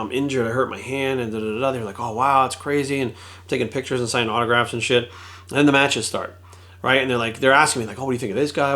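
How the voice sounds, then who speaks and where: A middle-aged man, a former pro wrestler, telling a story in a casual vlog, swearing freely and acting out quotes. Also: mid-range voice. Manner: fast, profane, animated retelling with acted quotes.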